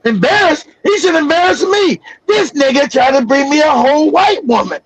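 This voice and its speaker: A man's voice: extremely high pitch, animated, moderate pace, fairly bright tone, slight background noise, rough recording. A man putting on his cursing, indignant mother. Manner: indignant, swearing, emphatic. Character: his angry older mother, blunt and cursing.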